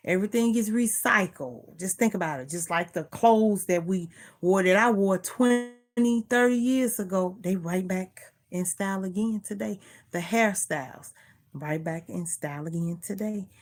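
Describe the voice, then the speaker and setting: A woman's voice: medium pitch, normal speed. A middle-aged woman vlogger in casual chat, earnestly preaching life advice and repeating herself.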